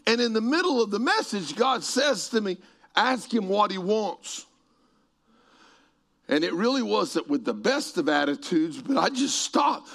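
A middle-aged man preaching a sermon and telling stories, moving between quiet passages and shouted peaks. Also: sits high, very animated, normal speed, creaky, hardly any pauses. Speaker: pastor. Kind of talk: sermon storytelling.

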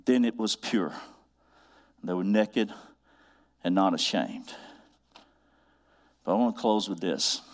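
A man preaching a sermon, building to emphatic repeated refrains and drawing out scripture quotes slowly. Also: deep voice. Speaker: pastor.

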